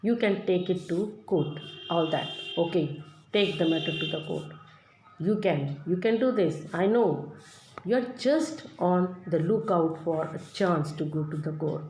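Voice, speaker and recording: A woman's voice: fairly low pitch, expressive, unhurried, darkish tone. A woman teacher going through a play line by line, reading each line and then paraphrasing it in plain words. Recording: echoey room with faint noise.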